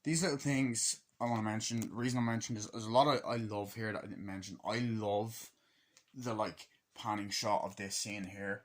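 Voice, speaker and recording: A man with a fairly low voice talks through a film review in a loose, rambling way. He swears freely and keeps slipping into bits of acted-out dialogue. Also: steady tone, moderate pace. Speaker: movie reviewer. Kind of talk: casual rambling movie review.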